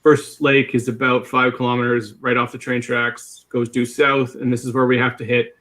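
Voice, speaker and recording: A man's voice: mid-range voice, little pitch movement, moderate pace, fairly bright tone. Guy on a panel explaining his trip plan, plain mid voice, matter of fact. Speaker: outdoors panelist. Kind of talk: casual panel chat.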